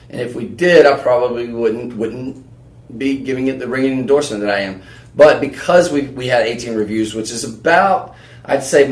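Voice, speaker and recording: Male home-shopping host, rambling live pitch, mid-pitched voice, roomy studio. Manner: rambling, chatty, lots of fillers and restarts. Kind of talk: live on-air sales pitch.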